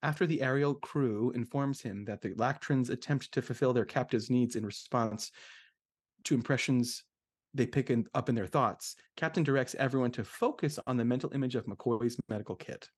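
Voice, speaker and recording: A man hosting a casual podcast, talking in a relaxed, chatty way with lots of little fillers. His pitch sits in an ordinary middle range. He moves easily between jokes and summing up a plot. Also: normal speed, breathy edge. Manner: chatty, jokey, with frequent fillers and laughs. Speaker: podcast host.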